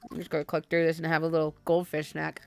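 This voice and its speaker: A woman's voice: low voice, completely flat delivery, quick pace, creaky. A woman streamer giving blunt, casual commentary while playing a game, swearing freely.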